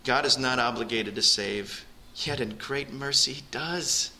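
Bright-toned man preaching a sermon. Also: a little slow, hardly any pauses, rough recording. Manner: earnest, rises in pitch and volume for emphasis, addresses the congregation directly. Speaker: pastor. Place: church.

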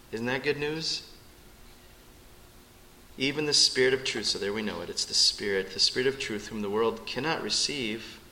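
A middle-aged male pastor preaching a sermon in a church, earnest and urgent by turns, rising to pleading then dropping soft. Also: mid-range voice, a little hiss or hum. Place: church sanctuary. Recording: echoey church sanctuary with faint ambience.

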